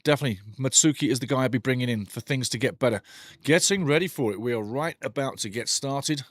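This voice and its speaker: A man's voice: medium pitch, fast talker, dry recording, clean studio sound. A middle-aged man hosting a live football watch-along, opinionated, ranting and joking as he comments.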